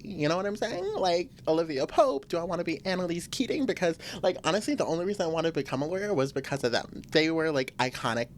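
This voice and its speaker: A woman's voice: fast, slight background noise. A young woman hosting a casual solo podcast, venting animatedly with frequent laughs. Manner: animated, venting, laughs often, swings to high exclamations. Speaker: podcast host.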